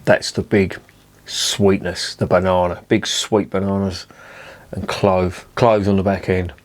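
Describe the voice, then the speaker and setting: Man, lowish voice, chatty beer reviewer, swears a lot, self-mocking. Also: little pitch movement, a little slow. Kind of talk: casual beer review vlog. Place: indoors at home with curtains drawn.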